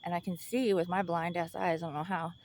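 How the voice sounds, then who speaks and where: A woman's voice: lowish voice, flat delivery, fairly quick. A young woman telling a personal story in casual chat, blunt and full of swearing, laughing often.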